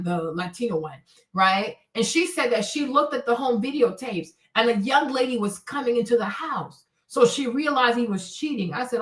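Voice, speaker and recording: A woman's voice: a little high, roomy sound, far from the mic. A woman hosting a livestream, handing out blunt relationship advice in a brash, profane, mocking way. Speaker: livestream host.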